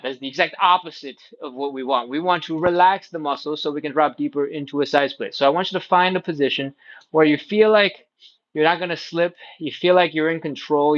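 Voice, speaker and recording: A man's voice: fairly high pitch, fairly bright tone, lo-fi sound. A man leading a live stretching workout, explaining each step in an encouraging, playful way. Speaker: stretching instructor.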